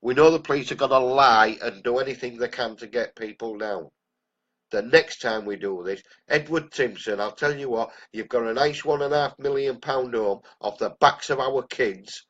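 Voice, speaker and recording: A man's voice: mid-range voice, moderate pace, fairly bright tone. An older man with an English accent and a cold, ranting bluntly and angrily on a live stream. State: has a cold. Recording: dull lo-fi live-stream audio.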